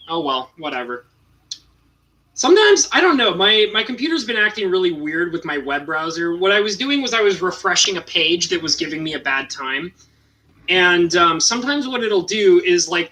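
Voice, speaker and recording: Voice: mid-range voice, pushed and bright, rough recording. Young streamer chatting into a computer mic, voice bouncing up and down a lot, kinda rambly with lots of um and like. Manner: rambling, with frequent restarts and fillers. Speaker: live-streaming artist painting cards. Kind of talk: casual live-stream chat.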